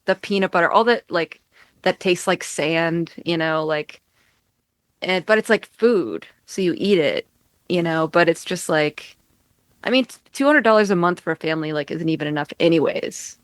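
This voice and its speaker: An American woman with a lowish voice chats as a podcast guest, rambling from thought to thought and leaning on "like" at every turn. Her voice is dry and close, with no room sound around it. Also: lively intonation, moderate pace, no echo. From United States. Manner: rambling, heavy use of "like". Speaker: musician guest. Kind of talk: casual chat. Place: home in upstate New York.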